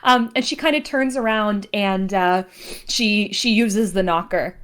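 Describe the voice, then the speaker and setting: A woman playing a tabletop game, chatting in a giggly, animated way. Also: mid-range voice, unhurried, noisy background. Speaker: player. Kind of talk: casual tabletop play.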